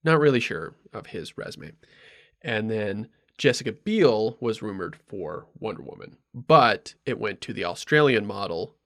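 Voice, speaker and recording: A man's voice: lowish voice, lively intonation, measured pace, a bit bright. A man hosting a podcast, telling a rambling story in casual chat, full of ums and asides. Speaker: podcast host.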